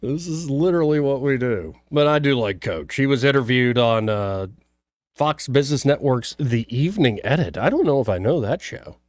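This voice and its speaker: A man's voice: mid-range voice, expressive, normal speed, no room sound, studio quality. A man hosting a radio talk show, reading news headlines and riffing on them with jokey asides. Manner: jokey, reads headlines then riffs with asides. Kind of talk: casual talk radio chat.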